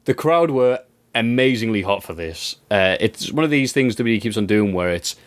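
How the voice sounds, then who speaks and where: A man co-hosting a wrestling review, chatting casually in an animated, ranting way and swearing freely. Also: lowish voice, moderate pace. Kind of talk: casual chat.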